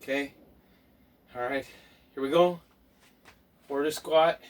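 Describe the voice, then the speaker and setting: A man leading a home workout as a fitness instructor, counting reps aloud and giving slow, step-by-step tips. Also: mid-range voice. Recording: voice from a distance off the mic.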